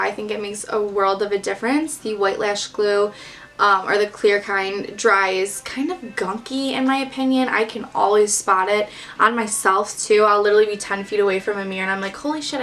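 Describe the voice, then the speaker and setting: A woman's voice: medium pitch, a bit bright, recorded from a distance. A young woman from the Detroit area, chatting casually about makeup in a bubbly way, full of "like" fillers. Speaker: beauty vlogger. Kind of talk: casual makeup chat to camera. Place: at home, in front of a mirror.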